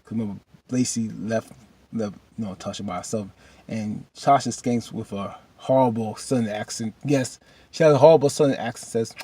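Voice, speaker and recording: A man's voice: lowish voice, normal speed, dark tone, breathy edge. A man casually recapping a drama episode, retelling scenes loosely with lots of fillers and asides, and at times talking straight to the characters in a preachy way.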